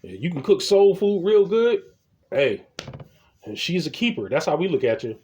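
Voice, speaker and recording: A man's voice: sits high, very animated, a little slow, darkish tone. A man telling comic stories in a casual, rambling rant, swearing and stumbling over repeated words. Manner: rambling, profane, repeats words when starting. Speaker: comedy vlogger. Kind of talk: casual ranting storytelling.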